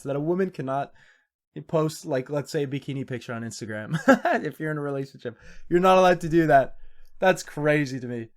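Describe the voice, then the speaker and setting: Young guy reacting to clips, kinda high voice, keeps laughing in disbelief, sarcastic. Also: normal speed. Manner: incredulous, laughs often, sarcastic. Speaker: YouTube commentator. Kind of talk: reaction commentary.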